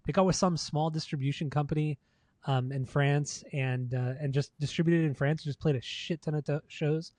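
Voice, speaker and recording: A man with a slightly high voice talks in a loose, casual way, cursing freely and breaking into laughs. He sounds close to the mic in a dry room. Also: fairly even intonation, moderate pace, a little mellow, no echo. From United States. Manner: laid-back, swears freely, laughs often. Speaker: podcast co-host. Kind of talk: casual chat.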